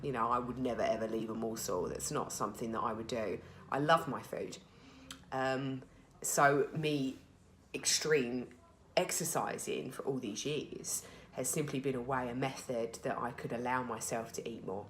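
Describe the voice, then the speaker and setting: A British woman in her thirties with a strikingly deep, low voice talks through a candid personal video diary. She rambles openly with plenty of fillers and restarts, and a slight emotional edge sits in her voice. A faint hum of background noise runs under her. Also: moderate pace, a bit bright. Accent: British English. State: a little emotional. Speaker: vlogger sharing her recovery.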